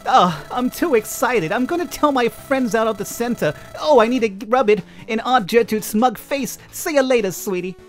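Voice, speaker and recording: A man voicing an excited, fussy middle-aged mother in a high, gushing put-on voice for a game. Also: moderate pace, hardly any pauses, faint music behind.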